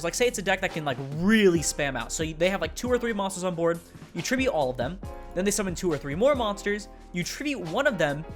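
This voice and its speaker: A man reviewing a card game deck in casual, rambling talk, speaking with a sick voice. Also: on the high side. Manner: fast, rambling, with fillers and swearing. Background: faint background music.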